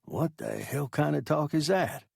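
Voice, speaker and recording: A man voicing a tough older male spaceship captain who speaks firmly while trying to sound soft. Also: on the high side, unhurried, creaky, husky, no room sound, studio quality, pitched above the performer's own voice, exaggerated voice.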